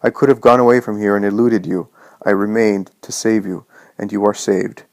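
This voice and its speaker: A man's voice: lowish voice, steady tone, normal speed, gravelly, darkish tone, no echo, low-quality recording. Jesus, read by a man, solemn and tender. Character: gentle loving male savior.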